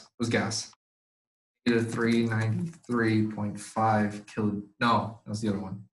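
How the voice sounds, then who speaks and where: A man's voice: on the low side, low-quality recording. A young man leading an online chemistry review session, talking casually, getting flustered and laughing at himself as he swears. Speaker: supplemental instruction leader.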